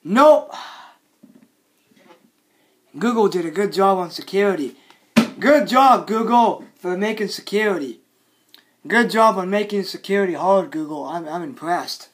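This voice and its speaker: A man vlogging an angry, repetitive rant, often shouting and scolding. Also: sits high, animated, unhurried, pauses often.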